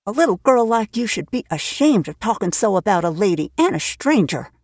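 Woman doing a stern, brisk old-maid spinster. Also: medium pitch, very animated, darkish tone, dry recording, studio quality, pitched above the performer's own voice. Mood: severe. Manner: brisk and severe.

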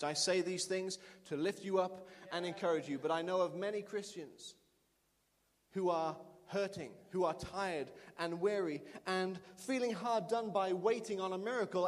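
High-voiced preaching man in a hall. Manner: emphatic, repeats lines for the congregation. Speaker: pastor. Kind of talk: sermon. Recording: long reverb of a large hall.

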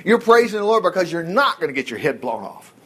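A man's voice: high-pitched, sing-song, fast, fairly bright tone. A man giving a casual Bible study, folksy and digressive, who slips into little acted asides.

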